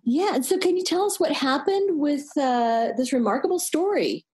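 A woman's voice: high voice, animated, normal speed, darkish tone. A woman hosting a radio call-in show, effusive and encouraging as she welcomes and thanks her callers. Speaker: host.

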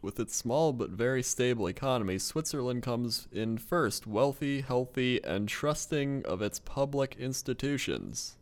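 A young man with a smooth, clear voice at a middle pitch co-hosts a comedic morning-show podcast. He delivers the news items and his jokes in a laid-back, deadpan way. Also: measured pace, few pauses. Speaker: co-host.

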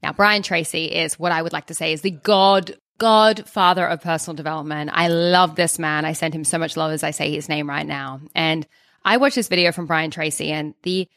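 Woman podcaster, thirties, low-ish voice, dry close mic, animated telling. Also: no room sound. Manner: animated, fast, many restarts. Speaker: podcast co-host. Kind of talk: storytelling podcast chat.

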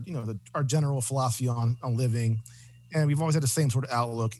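A man's voice: mid-range voice, a little mellow. A man talking as a guest on a casual podcast. He is easygoing and hesitant, with plenty of fillers as he works through his thoughts. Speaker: guest, co-author. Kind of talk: casual interview chat.

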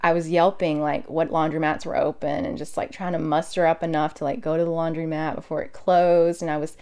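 Chatty woman telling stories, lower voice. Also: a little fast, smooth. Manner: animated, emotional storyteller with many fillers. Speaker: nurse, podcast guest. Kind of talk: casual interview storytelling.

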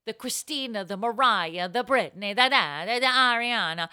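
A playful woman co-hosting a comedy podcast, riffing and joking. Her voice is bright and a little high, with lively swings in pitch. It is recorded close and dry. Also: clean tone, no echo. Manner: playful, quick to laugh, riffing. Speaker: podcast co-host. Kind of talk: casual comedic chat.

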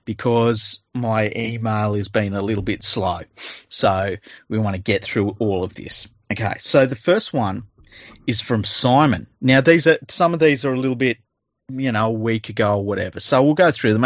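A man's voice: on the low side, moderate pace, no echo, lo-fi sound. An Australian man co-hosting a podcast, chatting casually with plenty of laughing, joking and swearing. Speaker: podcast co-host. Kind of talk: casual banter.

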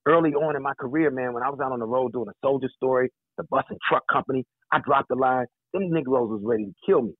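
A man in his sixties, a guest in a casual interview, telling stories in an animated, joking way in a husky voice. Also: mid-range voice, quick pace, hardly any pauses, dry recording. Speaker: actor, guest. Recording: tinny phone line.

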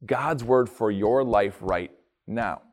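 A middle-aged man as pastor, delivering a sermon with emphatic, rising delivery and dramatic pauses. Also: lowish voice.

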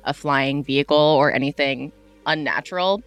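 A woman's voice: low voice, normal speed, clear, resonant tone, dry recording, soft background music. A young woman co-hosting a podcast in casual chat, skeptical, with dry asides and frequent laughter. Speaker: podcast co-host.

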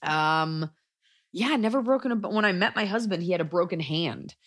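A woman's voice: fairly low pitch, expressive, moderate pace, fairly bright tone, no room sound, studio quality. A woman in her thirties hosting a podcast in casual chat, blunt and sarcastic, joking and swearing freely. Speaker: podcast host.

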